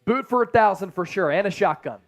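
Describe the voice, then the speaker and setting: High-voiced hyped man calling plays. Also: fairly quick, dry recording, studio quality, soft background music. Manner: energetic, hyped fan banter. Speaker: live stream host doing play-by-play. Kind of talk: excited live play-by-play commentary and chat shout-outs.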